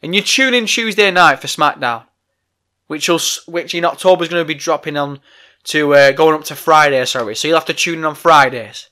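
A man's voice: a little high, a little fast, bright, forceful tone. A man hosting a podcast, delivering a heated, profane, exasperated rant. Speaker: podcast host. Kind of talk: ranting podcast monologue.

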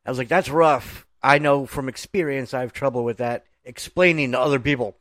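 A man's voice: medium pitch, steady tone, fast, a bit bright, no room sound, studio quality. A male podcast co-host who talks in a playful, joking way. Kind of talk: podcast interview.

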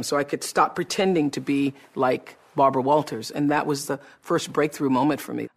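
A woman telling a personal story to listeners in an animated way, acting out the dialogue. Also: low-pitched, husky. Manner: animated, acts out quoted dialogue. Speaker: public speaker.

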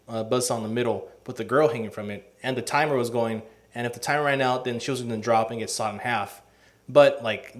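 A man co-hosting a podcast, telling a long rambling story in casual chat, swearing freely and filling his talk with "like" and "uh". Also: medium pitch. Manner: rambling, profane storytelling with lots of fillers. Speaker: podcast co-host.

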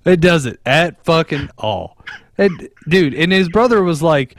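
A man co-hosting a casual podcast, retelling a movie in a rambling, profane, animated way. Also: on the high side, unhurried, dry recording. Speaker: podcast co-host.

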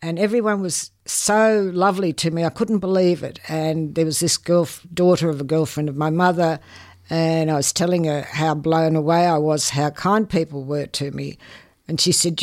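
An older woman, giving earnest, measured interview answers and often repeating words. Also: low voice. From Hungary. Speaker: guest. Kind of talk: interview answers, personal recollection.

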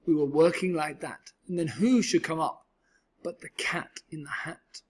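A man reading a children's picture book aloud, riding the rhyme with an expressive, rhythmic delivery. His voice sits a little high and carries a husky, breathy grain. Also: moderate pace. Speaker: storyteller.

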